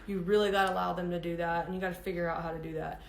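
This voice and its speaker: A woman's voice: fairly low pitch, steady tone, racing, creaky. A woman frankly telling a dating story to her viewers in a chatty, casual way, laughing often and saying "like" and "um" a lot. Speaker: dating advice vlogger. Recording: roomy echoey room.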